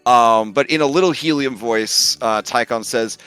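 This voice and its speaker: A man narrating as game master of a tabletop game, animated and laughing often. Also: medium pitch, normal speed, clear, resonant tone, soft background music.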